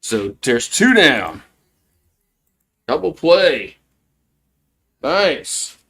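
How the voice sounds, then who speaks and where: Guy doing laid-back softball play-by-play from his house, chatty, says "man" a lot. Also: on the high side, big pitch swings, very slow, vocal fry, breathy edge. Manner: casual, chatty, with fillers like "man". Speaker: play-by-play commentator. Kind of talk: live solo play-by-play from home. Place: at home with a barking dog.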